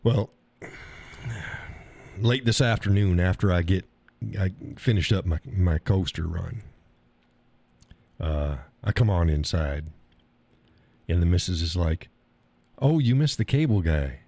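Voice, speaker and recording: A middle-aged man from the States tells a story as a casual, profane rant, stumbling over repeated words and mimicking the people in it. His voice sits fairly low and sounds dark and mellow. The mic is close and dry. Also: lively intonation, slow, long pauses, no echo. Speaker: live stream host.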